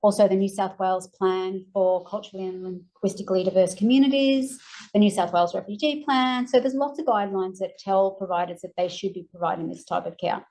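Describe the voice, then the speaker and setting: Aussie woman giving a research talk, going a bit hoarse, lots of ums, mid pitch. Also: fairly even intonation, warm tone, rough recording. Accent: Australian. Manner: measured, with frequent ums and self-corrections. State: losing her voice. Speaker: university researcher presenting findings. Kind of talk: academic presentation.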